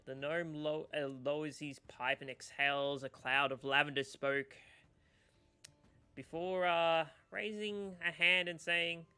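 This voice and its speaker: A man's voice: a little high, steady tone, measured pace, pushed and bright, smooth. A man narrating a tabletop game as game master, hesitant, with many fillers.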